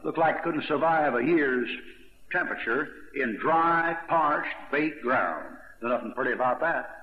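A man preaching a verse-by-verse Bible sermon in a conversational, rambling way, with asides and questions to his listeners. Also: fairly high pitch. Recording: dull lo-fi recording in an echoey hall.

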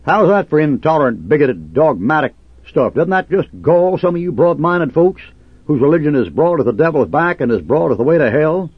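Combative male preacher, husky and animated, on a dry, lo-fi recording. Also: fairly high pitch, no room sound. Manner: combative, sarcastic, preaching in old King James cadence. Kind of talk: fiery fundamentalist sermon.

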